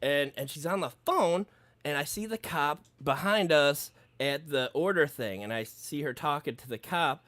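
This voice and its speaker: Profane, animated man telling a story. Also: on the high side, moderate pace, dry recording. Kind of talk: casual storytelling chat.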